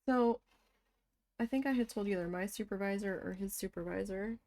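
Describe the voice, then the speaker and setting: A woman casually telling a story from her past, animated and swearing as she quotes her own shocked reactions. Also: mid-range voice, moderate pace. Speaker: crafting vlogger.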